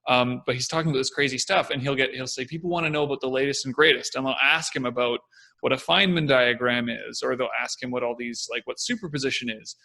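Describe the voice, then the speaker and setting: A young man co-hosting a casual talk, explaining ideas in an animated way and acting out confident and hesitant voices. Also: mid-range voice, fast, gravelly. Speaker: podcast co-host. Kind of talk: casual discussion.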